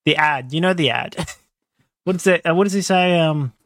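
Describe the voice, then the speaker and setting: A young Australian man co-hosting a casual podcast, teasing with dry deadpan comebacks. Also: on the high side, normal speed, no room sound. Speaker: podcast co-host. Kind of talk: casual chat.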